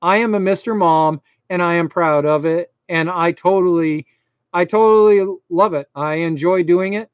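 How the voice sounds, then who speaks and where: A middle-aged man with a Maine accent and a slight lisp rambles through a casual live-stream chat, poking fun at himself. His voice sits high for a man and sounds smooth and clean. The sound is close and dry, with a dull, lo-fi edge. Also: moderate pace, no room sound. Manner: rambling, self-deprecating, chatty. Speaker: YouTube host.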